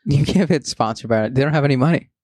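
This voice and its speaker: A young man co-hosting a casual podcast, talking fast and bluntly with plenty of swearing. His pitch sits in the middle of the male range. The close microphone gives a dry sound with no room around it. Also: a little mellow, no echo. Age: young adult. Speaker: podcast co-host. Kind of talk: casual chat.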